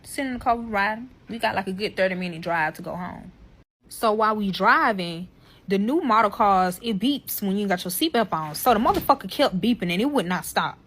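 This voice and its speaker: A woman telling a personal story to camera in a heated, profane and animated way, often turning to her listeners as y'all. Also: medium pitch, brisk.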